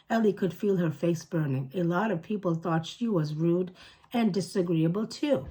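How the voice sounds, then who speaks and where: Woman, storybook read-aloud, calm steady narration, lowish voice, slightly husky. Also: moderate pace. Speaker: storytime reader.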